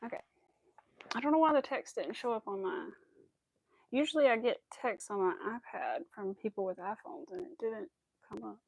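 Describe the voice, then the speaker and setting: A woman's voice: on the high side, lively intonation, normal speed, gravelly, no echo. A young woman chatting casually and rambling with fillers while she crochets on a livestream. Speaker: crochet streamer.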